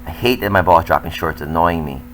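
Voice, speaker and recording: A man's voice: sits low, quick pace, slight background noise, rough recording. An older man, a tennis coach, talking candidly and self-critically as he comments over footage of his own match.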